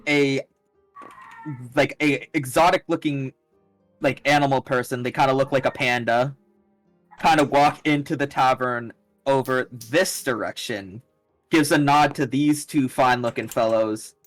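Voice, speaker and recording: A man's voice: medium pitch, fairly even intonation, measured pace, fairly bright tone, no room sound, faint music behind, poor audio. A man narrating as game master in a tabletop game, casual and hesitant with fillers.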